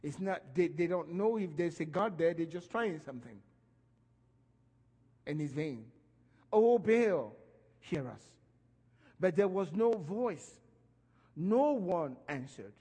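A man preaching a sermon, animated and emphatic, his voice rising and falling as he stresses his points. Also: fairly high pitch, measured pace, pauses often, husky, long reverb tail.

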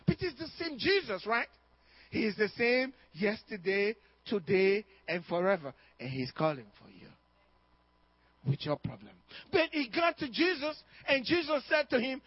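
A man's voice: very high voice, very animated, moderate pace, dry recording. A man preaching a sermon, emphatic, firing questions at his congregation and laughing now and then. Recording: dry, dull lo-fi recording.

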